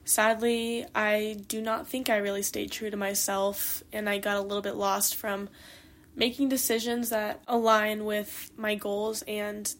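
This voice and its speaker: A woman in her late teens hosting her own podcast, talking candidly and from the heart in a reflective monologue, with lots of "like" and "you know.". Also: medium pitch. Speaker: podcast host and competitive swimmer.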